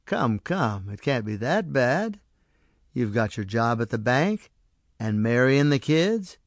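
A man voicing a small mysterious stranger who speaks softly and patiently. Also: mid-range voice, very animated, a little slow, dry recording, studio quality. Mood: gentle. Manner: soft, patient and coaxing. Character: small mysterious male stranger, gentle and knowing.

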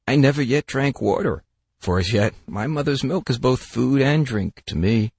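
A man voicing a young lamb, slow and pleading in a mournful tone. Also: medium pitch, wildly swooping pitch, creaky, slightly rough, no echo, pitched above the performer's own voice, full character voice.

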